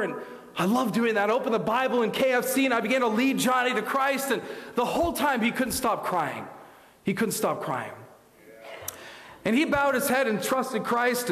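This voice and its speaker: A young man from Canada preaches in a church sanctuary, his fairly high voice ringing through a roomy hall with a long reverb tail. He tells his story in a sermon, swinging between loud bursts and hushed near-whispers.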